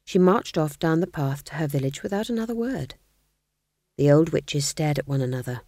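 Low-voiced woman narrating an audiobook. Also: expressive, normal speed, warm tone, dry recording, studio quality. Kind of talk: reading a comic fantasy novel aloud.

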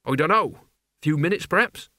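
A man's voice: on the high side, animated, normal speed, sharp tone, no room sound, clean studio sound. A man voicing a desperate, worn-out young hero who mutters and snaps. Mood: muttering. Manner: weary, muttering, then fierce.

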